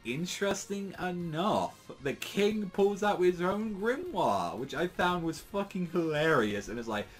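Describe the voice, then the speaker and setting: A man's voice: high-pitched, sing-song, unhurried, few pauses, faint music behind. A man casually recapping a manga chapter, rambling with many fillers and some crude asides. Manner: rambling, heavy use of fillers, profane asides. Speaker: manga reviewer.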